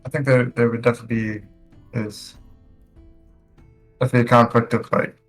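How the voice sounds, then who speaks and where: A man's voice: medium pitch, level tone, a little fast, faint music behind. Hesitant man at a tabletop game. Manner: hesitant, restarting sentences. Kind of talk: tabletop game play, casual.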